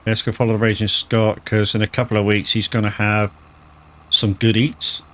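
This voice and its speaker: A man with a lowish, somewhat bright voice keeps a level tone and moderate pace while chatting on a live gaming stream. He rambles, stammers and restarts often, and doesn't hold back on swearing.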